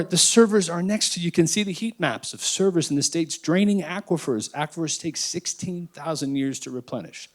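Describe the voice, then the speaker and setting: Man on a panel, slightly high voice, emphatic, emotional, loud and quiet by turns. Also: brisk, few pauses. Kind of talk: impassioned panel talk.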